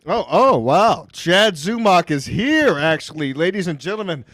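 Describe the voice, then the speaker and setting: A man's voice: high-pitched, very animated, measured pace, fairly bright tone, dry recording. A man hosting a podcast, talking casually with sarcastic jokes. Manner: sarcastic, joking. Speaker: podcast host.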